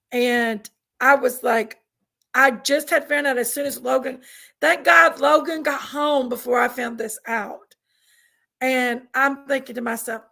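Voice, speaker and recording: A woman's voice: sits high, vocal fry, pushed and bright. A woman hosting a casual live stream, chatting with viewers in an effusive, rambling way. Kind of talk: casual live chat reading comments.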